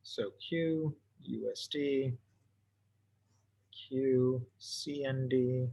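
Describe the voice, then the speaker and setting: A man teaching economics in a relaxed, offhand way, thinking aloud as he sketches graphs for an online class. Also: mid-range voice, drawn-out words, gravelly. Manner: casual, talks to himself while drawing. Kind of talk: recorded lesson while sketching graphs.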